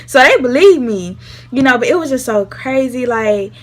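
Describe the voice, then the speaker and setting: A woman's voice: high voice, expressive, normal speed, a little hiss or hum. A young woman telling a casual storytime vlog, acting out the voices of the people she quotes. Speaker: vlogger.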